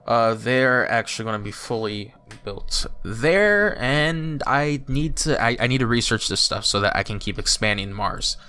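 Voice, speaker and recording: A man talking through a strategy game for his channel, chatty and thinking aloud, with bursts of excited exclaims. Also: medium pitch, a little slow, hardly any pauses, clear, resonant tone. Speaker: YouTuber playing a strategy game. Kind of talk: let's play commentary.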